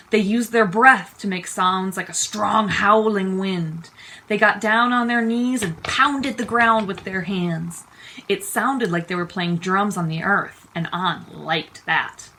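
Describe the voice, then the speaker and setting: A woman teacher reading a children's picture book aloud, expressive and unhurried. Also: mid-range voice, low-quality recording. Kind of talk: storytime read-aloud.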